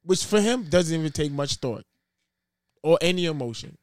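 A man co-hosting a casual podcast, questioning his partner and pushing back. His voice is animated and set a little high. It is recorded dry and close. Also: moderate pace, dry recording. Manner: questioning, pushes back, lively. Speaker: podcast co-host. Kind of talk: casual debate chat.

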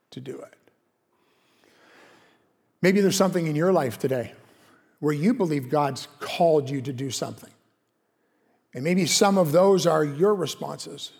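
A man's voice: high-pitched, a little mellow. A man preaching a sermon as pastor, in an earnest, conversational way full of rhetorical questions. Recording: long reverb of a large hall.

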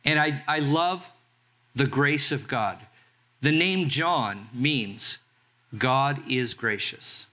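A man in his sixties from Southern California, a pastor preaching a sermon in a conversational way and slowing down to read scripture. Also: mid-range voice, animated, bright, forceful tone. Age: 60s. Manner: conversational, reads scripture slowly.

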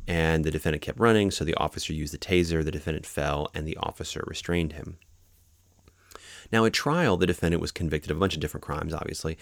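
A man with a very low, gravelly voice talks through legal cases in a relaxed lecture. He explains each point step by step and adds everyday examples to make it clear. The sound is close and dry. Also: fast, dry recording. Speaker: podcast host explaining court cases.

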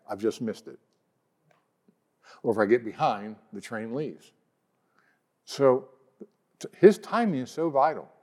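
Earnest man preaching a sermon. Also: medium pitch. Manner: earnest preaching, reads scripture slowly and softly. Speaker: pastor.

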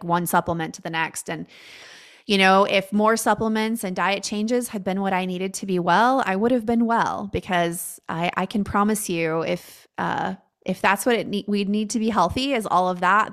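A woman's voice: fairly low pitch, fairly bright tone. A woman speaking as a podcast guest in casual chat, candid and blunt, with lots of fillers.

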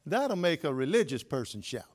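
A pastor delivers a sermon, stretching words out with long pauses and repeating lines for the congregation to echo. His pitch swings widely as he shifts from loud exclamations to soft, low asides.

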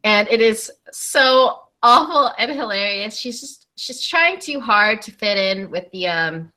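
A woman's voice: fairly high pitch, expressive, a little slow, bright, forceful tone. A woman co-hosting a podcast in casual chat, playful and laughing often. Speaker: podcast co-host.

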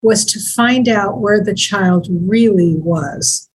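A woman speaking as a deputy district attorney on a public-service talk segment, measured and grave, slowing down when she reads aloud. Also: medium pitch, breathy edge, low-quality recording.

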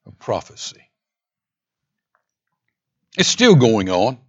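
A man preaching a sermon as pastor in a church, emphatic, with dramatic pauses, moving from loud declarations to hushed lines. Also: lowish voice, wildly swooping pitch, breathy edge, lo-fi sound. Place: church sanctuary.

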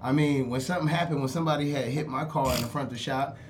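A man telling a story casually, stumbling and restarting often, his voice jumping around in pitch when he quotes people. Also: a little hiss or hum. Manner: halting, restarts a lot, swings his pitch wildly when quoting.

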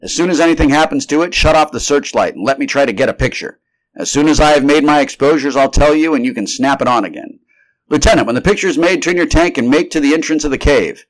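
A man reading the lines of a brisk, commanding male scientist who gives clipped, urgent orders in a storybook reading. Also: fairly high pitch, pitched above the performer's own voice, natural voice.

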